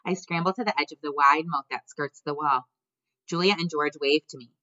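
A woman narrating an audiobook in the first person, in a measured, gently expressive way. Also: low voice, no room sound, dull audio. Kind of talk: scripted narration.

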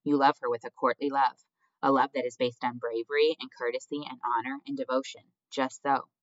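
A reader voicing a gentle male mouse threadmaster, polite and soft-spoken, murmuring in a storybook reading. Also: medium pitch, little pitch movement, fairly quick, no echo, lightly acted. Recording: dull lo-fi dry recording.

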